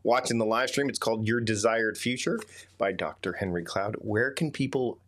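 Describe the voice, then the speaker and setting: A man's voice: on the low side, normal speed, a bit bright. A man with a Canadian accent hosting a livestream interview over a video call, chatty with many restarts and fillers. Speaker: podcast host.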